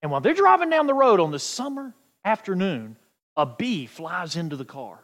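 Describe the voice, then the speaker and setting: A male pastor preaching a sermon, swinging from near-shouts to hushed asides. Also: sits high, big pitch swings, normal speed. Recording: echoey hall with long reverb.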